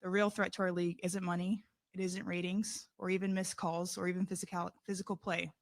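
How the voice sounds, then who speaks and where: A woman, a professional basketball player, delivering a prepared public statement in a measured way, slightly out of breath. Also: on the low side, flat delivery.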